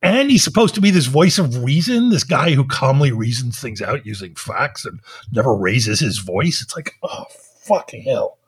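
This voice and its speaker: A man's voice: medium pitch, expressive, moderate pace, husky. A man co-hosting a podcast, ranting in a profane, exasperated way. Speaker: podcast co-host. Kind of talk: casual chat.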